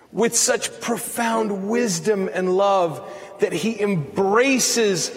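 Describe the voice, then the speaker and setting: A man with a high voice delivers a sermon at an unhurried pace, leaning hard on key words. His preaching swells toward near-shouts, and a long reverb from the church hall trails every phrase. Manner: slow, emphatic preaching that rises to near-shouts. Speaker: priest.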